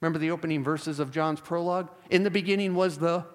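A man's voice: on the high side, fairly even intonation, fast talker. A man preaching a sermon, emphatic and repeating key words for stress, with wry asides. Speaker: pastor. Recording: long hall reverb.

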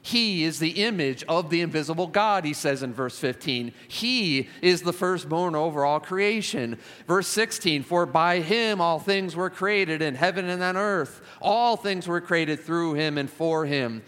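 A man's voice: fairly high pitch, a bit bright. A man preaching a sermon, emphatic and repetitive, building phrases to fervent climaxes. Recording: long reverb of a large hall.

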